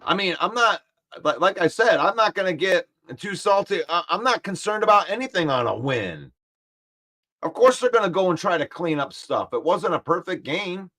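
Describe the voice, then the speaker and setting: Speaking at a normal speed in a high register, this man hosts a laid-back football talk stream. As a sports talk host, he reads out what viewers write and pushes back hard, animated and on the defensive.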